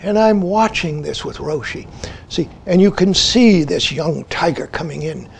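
Slow older man teaching with repeated "see". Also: a little high, vocal fry, breathy edge. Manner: says "see" again and again, slow and deliberate; drops to hushed whispers when retelling a story. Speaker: Zen teacher. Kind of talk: dharma talk.

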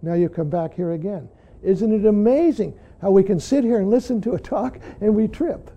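An older man gives a dharma talk as a Zen teacher. His voice sits high yet sounds mellow and warm. He speaks earnestly and keeps coming back to the word "see". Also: normal speed. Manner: earnest, frequently says "see".

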